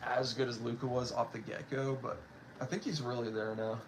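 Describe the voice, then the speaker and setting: Young man, rambling, lots of fillers, mid-pitched voice, faint hum behind. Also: flat delivery, brisk, poor audio. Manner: rambling, filler-heavy, with restarts. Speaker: card-opening vlogger. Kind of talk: casual chat while opening cards.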